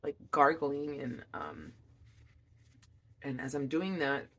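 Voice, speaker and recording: A young woman, a mother, telling a personal story in an emotional, halting way with many restarts. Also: rumbling low, big pitch swings, a bit bright. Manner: emotional, reliving events.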